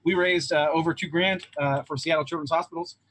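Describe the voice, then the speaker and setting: A man's voice: on the high side, fairly even intonation, fairly quick, fairly bright tone, a little hiss or hum. A man introducing himself on a game stream, rambling chattily with many fillers. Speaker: player. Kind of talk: casual livestream chat.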